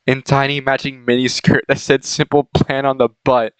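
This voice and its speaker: A man's voice: mid-range voice, steady tone, normal speed, few pauses, clear, resonant tone, no echo, poor audio. A young man doing a comedic reading of a fanfic aloud, often laughing and breaking off to comment on the text. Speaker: reader of a fanfic.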